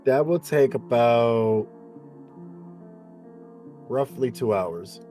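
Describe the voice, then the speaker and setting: A man answering questions as game master in an online tabletop game, in short, measured replies. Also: medium pitch, lively intonation, warm tone, faint music behind. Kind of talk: casual chat on a live stream.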